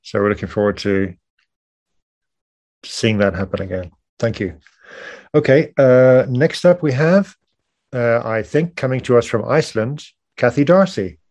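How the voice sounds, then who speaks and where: Man, host, mid pitch, video call, effusive, unhurried praise. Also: a little mellow. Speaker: host of an online poetry reading. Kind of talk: introducing readers and giving praise.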